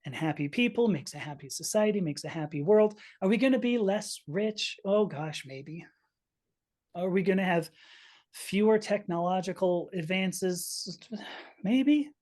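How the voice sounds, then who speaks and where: A woman's voice: lowish voice, expressive, measured pace, a little mellow. A woman in her fifties, a podcast guest, telling a personal story earnestly and with feeling, often restarting her sentences. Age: 50s. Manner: earnest, emotional, frequent restarts.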